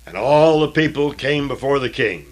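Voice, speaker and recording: A Bible reader and teacher with a mid-range, animated voice reads scripture aloud in deliberate, old-fashioned diction. Now and then he stops to offer plain explanatory asides.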